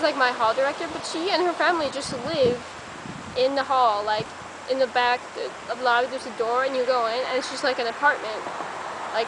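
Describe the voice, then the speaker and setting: A young woman walking around a college campus outdoors, talking casually to a handheld camera in a chatty, rambling way. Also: sits high. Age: young adult. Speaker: college student vlogger. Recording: noisy outdoor camera audio.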